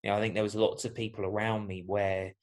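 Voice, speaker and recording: A man with a somewhat low voice who talks in a reflective, rambling style, full of "you know" fillers. He is a guest in a casual podcast conversation. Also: level tone, quick pace.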